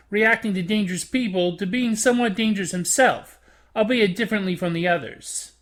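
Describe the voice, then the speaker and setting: A host reading a scripted anime review, with an expressive delivery. The pitch rises and falls a lot as the narration runs along.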